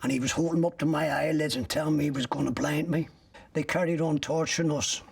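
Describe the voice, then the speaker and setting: An older man from Ireland tells his story in a blunt, vivid way, cursing without hesitation. His voice is gravelly and husky. The mic picks him up from some distance. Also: a little high, steady tone, fast, no room sound. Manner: vivid, blunt retelling with swearing. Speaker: interviewee recounting his arrest. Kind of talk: first-person storytelling.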